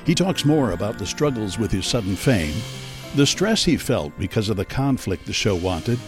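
A man opens the episode as host, reading a scripted introduction. His delivery is smooth and announcer-like, with a lively, rising and falling pitch. Clear music plays behind him. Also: normal speed. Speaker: podcast host. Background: music bed.

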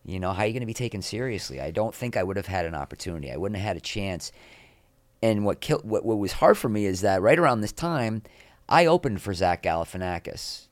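A middle-aged man, a guest on an interview, speaks in a lowish voice at a quick pace with no echo. He tells candid, rambling stories at his own expense and grows animated as he acts out the people he quotes.

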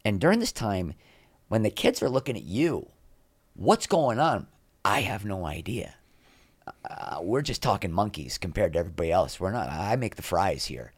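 Low-voiced man telling candid backstage stories. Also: normal speed, slightly rough, no echo. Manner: animated, acts out quoted people in raised voices; rambling, frequent restarts. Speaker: guest. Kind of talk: candid anecdotal storytelling.

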